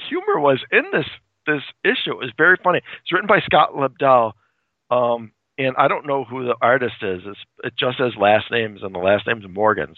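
A man's voice: medium pitch, no room sound. A man casually recapping a comic book, rambling, with many fillers and restarts, heard over a phone-like line. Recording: dry tinny phone-like line.

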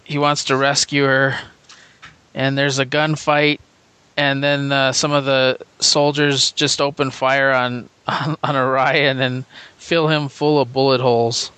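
A man casually chatting about a comic issue, relaxed, repeating words as he starts sentences. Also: mid-range voice, clear, resonant tone, dry recording. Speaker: comic book podcast co-host. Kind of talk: casual discussion.

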